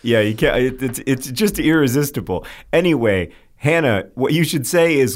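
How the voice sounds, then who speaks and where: A middle-aged man co-hosting a relaxed podcast, his voice sitting at an ordinary middle pitch. He talks in loose, rambling runs, correcting himself on the fly and breaking into laughter often. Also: measured pace, few pauses. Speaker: podcast co-host. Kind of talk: casual podcast chat.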